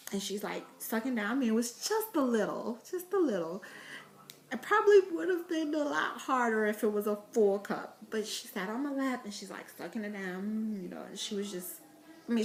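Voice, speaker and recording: A woman vlogging about parenting, telling chatty stories to camera with laughter and fillers. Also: mid-range voice. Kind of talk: casual vlog talk to camera.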